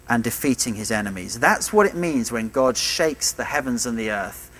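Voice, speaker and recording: A man's voice: on the high side, fairly bright tone, rough recording. A man with a British accent preaching a sermon, emphatic and fond of rhetorical tag questions.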